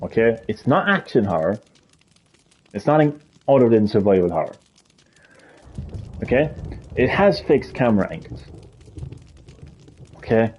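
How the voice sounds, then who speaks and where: A man's voice: medium pitch, highs cut off, a little hiss or hum. A man live streaming a heated gaming rant, swearing a lot and repeating his points with emphasis.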